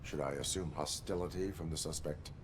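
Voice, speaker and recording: An actor playing a stoic male cyborg police officer who speaks in a flat, measured, formal way. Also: very deep voice, background noise.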